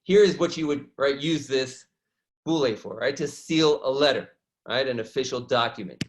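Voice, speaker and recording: A man teaching an online lesson from slides, animated and often checking in with listeners by asking "right?". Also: mid-range voice, moderate pace, a little hiss or hum. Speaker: educator.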